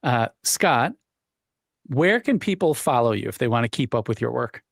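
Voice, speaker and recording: A man's voice: mid-range voice, big pitch swings, moderate pace, creaky, no room sound, clean studio sound. A man in his forties co-hosting a podcast interview, affable and casual. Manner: affable, short reactions. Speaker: podcast co-host.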